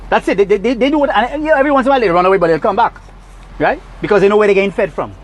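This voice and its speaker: A man's voice: high voice, very fast, a little hiss or hum, low-quality recording. A Trinidadian man recording a heated, scolding rant from his parked car. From Trinidad and Tobago. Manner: agitated, preachy, scolding. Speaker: vlogger.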